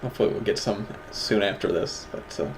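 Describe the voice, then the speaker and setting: A man's voice: lowish voice, fairly quick, noisy background. Laughing, joking young man co-hosting. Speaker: co-host of an awards stream. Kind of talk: casual stream chat. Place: home room, at a desk.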